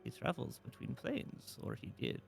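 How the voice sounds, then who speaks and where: A man voicing a cryptic old female fortune-teller in a tabletop game, with a creepy, crackly old-lady voice, slow and hushed. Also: faint music behind, close to an everyday voice. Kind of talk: tabletop role-play voice.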